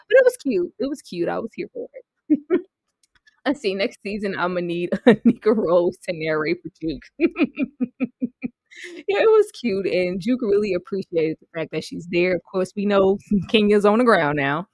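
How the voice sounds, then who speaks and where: A woman's voice: medium pitch, sing-song, moderate pace, pauses often, no echo. A young adult woman reviewing a TV episode in casual chat, laughing often and acting out the characters' lines. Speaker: TV show reviewer.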